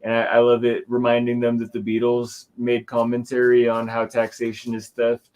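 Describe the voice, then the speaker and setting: A man's voice: mid-range voice, completely flat delivery, normal speed, darkish tone, smooth. Chatty, opinionated man on a stream. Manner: chatty and opinionated, restarts sentences. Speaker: guest on a livestream chat. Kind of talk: casual chat.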